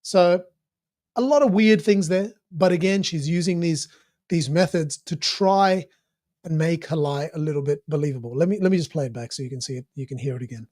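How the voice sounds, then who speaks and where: High-pitched guy rambling through a clip breakdown, lots of uh and you know, swears a bit. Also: brisk. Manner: animated, filler-heavy, restarts, swears casually. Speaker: commentator analysing a played interview clip. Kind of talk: casual spoken analysis.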